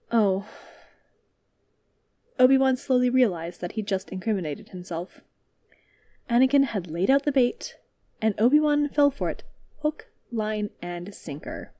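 A woman reading a story aloud as narrator, in a calm, steady manner. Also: medium pitch, a little slow, pauses often, no room sound.

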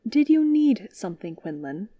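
A woman's voice: medium pitch, very animated, moderate pace, no echo, dull audio. A woman voicing a responsible young male Jedi knight who answers in a dry, understated way.

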